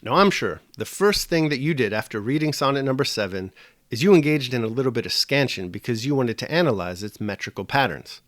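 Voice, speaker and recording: A man teaching a scripted video lesson on poetry in a measured, dry and wry manner. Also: medium pitch, lively intonation, a bit bright, no room sound.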